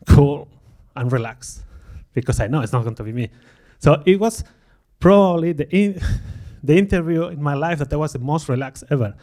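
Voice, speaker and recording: A middle-aged man tells a personal story at a conference, his voice sitting slightly higher than most. He pokes fun at himself and slips into little acted-out quotes of what he was thinking. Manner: animated, self-deprecating, acts out quoted thoughts. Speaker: conference speaker.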